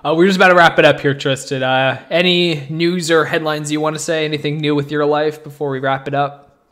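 A man co-hosting a podcast in casual chat, joking and rambling with quick asides. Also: on the high side, level tone, a bit bright. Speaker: podcast co-host.

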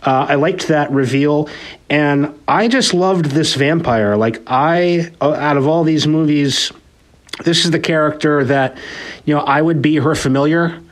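A man's voice: on the high side, measured pace. A man co-hosting a podcast, chatting enthusiastically about films and rambling, often repeating words as he goes. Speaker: podcast co-host. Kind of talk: casual film review chat.

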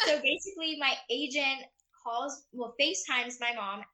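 A bubbly actress chats in an interview, gushing and full of filler words. Her voice is fairly high and very bright, with a ringing edge. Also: fairly quick. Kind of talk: casual interview chat.

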